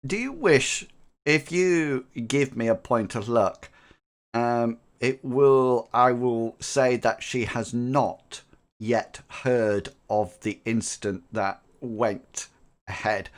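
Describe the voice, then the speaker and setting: A man's voice: mid-range voice, takes it slowly. A man narrating as game master for a tabletop game, rambling with lots of ums and likes. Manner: rambling, filler-heavy, laughs easily.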